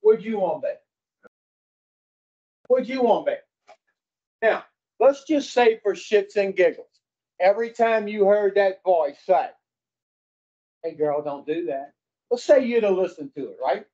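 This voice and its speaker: Man, high for his sex, blunt folksy recovery group speaker; dull lo-fi recording. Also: lively intonation, unhurried, long pauses, mellow. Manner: folksy, blunt, swears, quizzes the audience. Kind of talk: casual teaching talk to a group.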